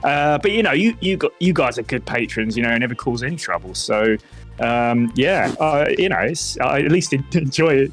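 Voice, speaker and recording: A man voicing an easygoing, mildly weary male barman, raised in pitch and rambling with many fillers. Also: lively intonation, moderate pace, faint music behind, close to an everyday voice. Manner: rambling, hesitant, full of fillers.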